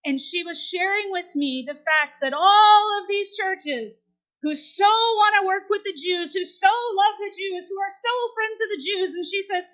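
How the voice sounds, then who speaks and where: Very high, bright-voiced woman preaching. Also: a little slow. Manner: conversational storytelling preacher, asks the congregation questions. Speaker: minister. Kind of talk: sermon.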